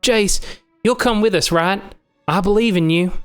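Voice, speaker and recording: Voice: mid-range voice, moderate pace, smooth, soft background music, pitched above the performer's own voice, close to an everyday voice. A player putting on a raised voice to play a worried, loyal young woman fighter in a fan-voiced game playthrough. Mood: hopeful. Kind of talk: fan voice acting over a game.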